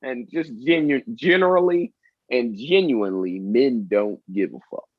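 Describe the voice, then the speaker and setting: A man chats on a podcast, telling stories with a lively, swooping pitch and acting out what people said. His speech is blunt and full of swearing. The sound is dull and lo-fi, close and dry. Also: unhurried, no echo. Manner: animated storyteller, acts out quotes, swears a lot. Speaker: podcast co-host. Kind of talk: casual chat.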